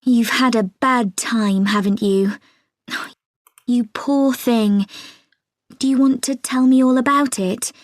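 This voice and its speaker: A woman voicing a kind, sympathetic speaker in a recorded listening exercise, soothing and gentle. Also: a little high, steady tone, slow pace, pauses often, no room sound, clean studio sound. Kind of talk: scripted course audio.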